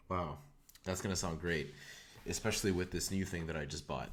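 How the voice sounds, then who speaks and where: A man's voice: sits low, brisk. A man talking casually on a coding live stream, rambling a little and often restarting and repeating words, into a desktop condenser mic. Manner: rambling, frequent self-corrections and repeated words. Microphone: desktop USB condenser mic.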